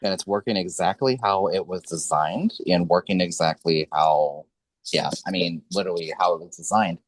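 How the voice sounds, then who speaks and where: A man's voice: low-pitched, moderate pace, dry recording. A man hosting a casual political interview, blunt and swearing freely. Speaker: interviewer host.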